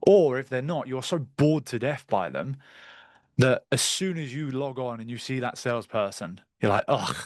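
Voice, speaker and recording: A man leads an online sales masterclass from a video call. His voice sits at an ordinary middle pitch, and the sound is dry and close. He coaches in a direct, brisk way, with a little crude slang. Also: animated, a little mellow, no room sound. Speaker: sales trainer. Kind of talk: live online masterclass teaching.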